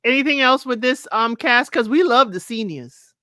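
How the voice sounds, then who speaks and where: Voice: medium pitch, expressive, normal speed, sharp tone, no echo, studio quality. A co-host in a casual livestream chat, recapping episodes with frequent ums. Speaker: podcast co-host.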